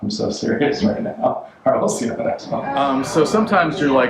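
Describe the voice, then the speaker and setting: In roomy, distant, dull-sounding audio that is also very noisy, a man hosting a home renovation vlog jokes dryly and tosses out casual life tips from a job site and his car. His mid-range voice is sing-song and fairly quick, with hardly any pauses.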